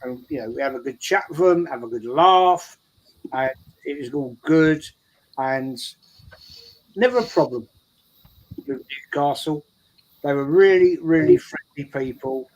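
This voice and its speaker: A man's voice: a little high, unhurried, long pauses, a little mellow, rough recording. Rambling English man telling stories. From England. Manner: rambling storyteller, repeats himself. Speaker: show regular. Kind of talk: casual chat. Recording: faint background noise.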